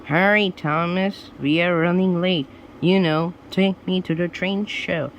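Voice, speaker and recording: A man reading a storybook aloud and voicing a bossy, hurried woman judge who keeps urging the train on. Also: sits high, fairly even intonation, fairly bright tone, a little hiss or hum, pitched above the performer's own voice. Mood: urgent. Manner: urgent, insistent calling out.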